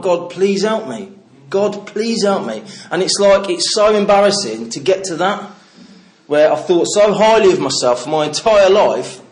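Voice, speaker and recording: A middle-aged man from the English Midlands giving a candid personal recovery talk to a meeting, swearing freely and telling stories with laughter. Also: on the high side. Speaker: recovery speaker.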